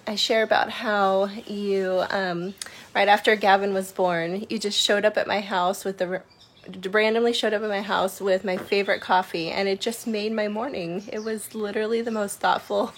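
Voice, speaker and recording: A woman's voice: medium pitch, steady tone, moderate pace. Woman, giggly, chatty, small restarts. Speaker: friend sending a birthday message. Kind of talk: casual video greeting.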